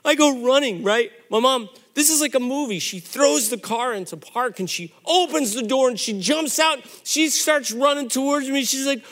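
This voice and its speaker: A middle-aged pastor from the United States telling a story in a sermon, animated, acting out his younger self's panic. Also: extremely high pitch, moderate pace, hardly any pauses.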